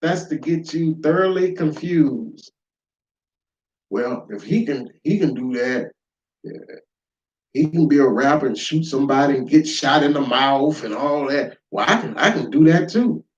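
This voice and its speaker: Guy lecturing real slow, kinda high voice, lots of rhetorical questions, dull muffled recording. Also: distant mic. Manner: emphatic, asks rhetorical questions, swings between loud and quiet. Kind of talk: informal spoken lesson. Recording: echoey room, dull lo-fi sound.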